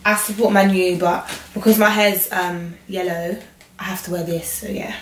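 Young girl with a croaky hoarse voice, chatty and jokey, talking to herself a lot, echoey room with a bit of background noise. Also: lowish voice, steady tone, moderate pace. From England. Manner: chatty, joking, self-talk asides. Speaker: hair vlogger. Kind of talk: casual chat while styling a wig.

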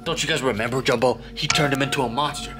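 A man's voice: mid-range voice, fairly even intonation, quick pace, music in the background. A man giving teasing, goofy role-play commentary over gameplay.

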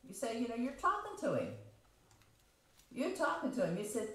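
In a very echoey church sanctuary, a woman on the high side gives a folksy, conversational sermon at a moderate pace, with huge pitch swings and long pauses. She reads scripture and explains it, restates her points in different ways, and puts questions to the congregation.

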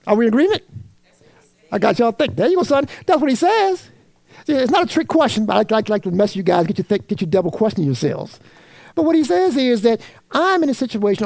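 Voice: medium pitch, mellow, no echo. A Sunday school teacher, reading scripture aloud and quizzing the class with fill-in questions in a church classroom. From Virginia. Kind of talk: Bible study teaching.

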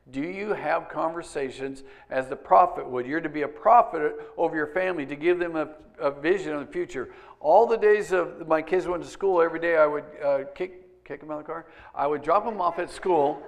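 Older male pastor, gravelly, slightly high voice, earnest conversational sermon delivery. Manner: earnest, conversational preaching with acted-out quotes.

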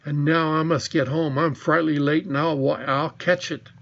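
A man's voice: fairly high pitch, level tone, normal speed, vocal fry, fairly bright tone, dull audio. A man reading the part of a proud young girl who speaks coolly and sarcastically. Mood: tart. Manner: sarcastic, cool. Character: sharp-tongued young girl, sensible and proud.

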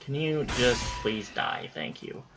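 A man giving casual let's-play commentary during a boss fight, excitable, swearing and yelling at enemies. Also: medium pitch, slow pace, gravelly, music in the background. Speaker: gamer playing through a boss fight.

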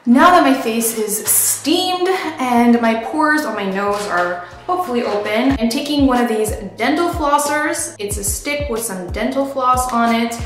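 A woman talks through a home beauty tutorial in a bright, chatty manner, her slightly high voice bouncing around a very echoey bathroom. Soft music plays faintly underneath. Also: animated, a little slow, few pauses. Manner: chatty, upbeat slang. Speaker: beauty vlogger. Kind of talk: step-by-step tutorial.

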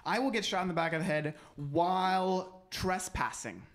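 A man's voice: high voice, expressive, moderate pace, a bit bright. A young man doing stand-up comedy at a live show, telling a rambling, self-deprecating story with many restarts. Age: young adult.

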